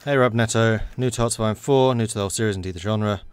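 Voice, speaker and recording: A man's voice: lowish voice, quick pace. A man giving casual, wry commentary while playing a strategy game and chatting to his units. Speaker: let's play commentator.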